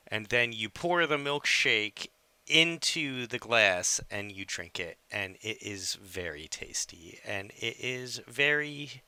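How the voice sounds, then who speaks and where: A man's voice: lowish voice, smooth, no echo. A man co-hosting a podcast, chatting casually and filling his talk with "like". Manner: relaxed, chatty, leans on fillers like "like". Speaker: podcast co-host. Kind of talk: casual chat.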